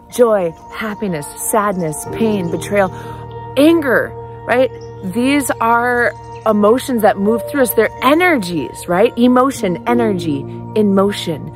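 A woman giving an earnest self-help talk that moves into soft guided breathing, often asking "right?". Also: on the high side. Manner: earnest, repeats "right?", quotes her own thoughts; slows to a soft guided meditation.

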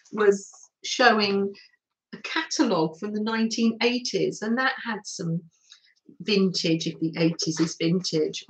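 An older woman hosts a casual craft livestream, gushing about her materials and answering viewer comments while she works. Her voice is fairly high, and the audio quality is poor.

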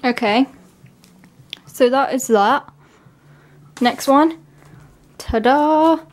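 A woman vlogging in a casual, gushing way, her voice sitting a little high. She talks slowly and keeps dropping filler words between her excited remarks. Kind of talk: casual unboxing vlog.

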